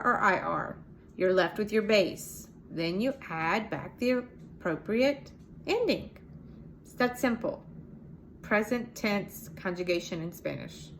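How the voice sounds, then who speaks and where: A woman's voice: mid-range voice, a bit bright, slight background noise. American woman teaching a language lesson. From United States. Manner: explains step by step, spells out letters, models pronunciations. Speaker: Spanish teacher. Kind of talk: casual video lesson.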